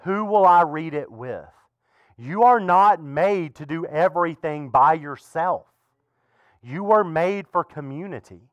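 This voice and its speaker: A man preaching a sermon as pastor in a relaxed, conversational way, with frequent asides to the congregation. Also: fairly high pitch, a little slow, no room sound, dull audio. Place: church.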